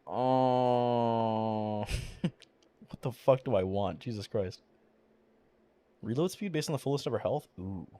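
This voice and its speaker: A man streams a video game, rambling casually through his commentary with heaps of swearing and filler words while mumbling. His medium-pitched voice is expressive, warm, and unhurried, with frequent pauses and the odd crack. The recording is dry.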